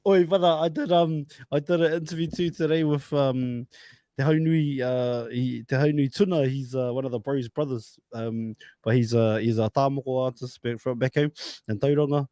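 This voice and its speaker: A man's voice: medium pitch, moderate pace, dry recording. Kiwi guy on a podcast, laid back, laughs a lot, dry sound. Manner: relaxed, laughs a lot, mixes in Māori words. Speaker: podcast co-host. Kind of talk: casual chat.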